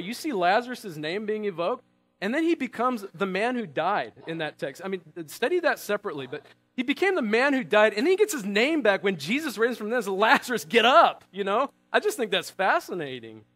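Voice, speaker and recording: A pastor with a high-sitting, fairly bright voice preaches a conversational sermon, putting rhetorical questions to the congregation.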